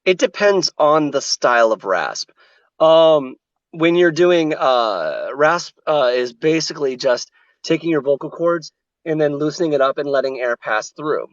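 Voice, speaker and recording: A man's voice: on the high side, lively intonation, measured pace, no echo. Man explaining voice technique, muffled. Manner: explanatory, demonstrates vocal technique. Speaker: voice actor. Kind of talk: remote interview.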